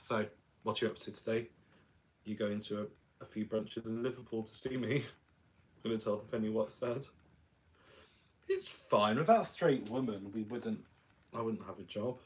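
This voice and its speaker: A man's voice: lowish voice, normal speed, long pauses. A man who is a drag performer, chatting playfully while doing his makeup and laughing often.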